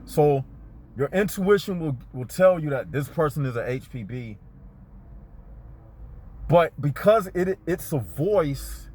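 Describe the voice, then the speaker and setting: A man's voice: a little high, a little mellow, husky. A man in a parked car giving a casual spiritual talk to his viewers, laid-back and slangy, speaking straight to them. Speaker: spiritual vlogger.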